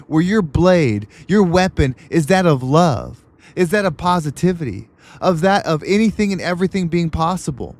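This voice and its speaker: Animated and at a moderate pace, a man with a high-side voice hosts a podcast, giving a motivational pep talk that's emphatic and repetitive.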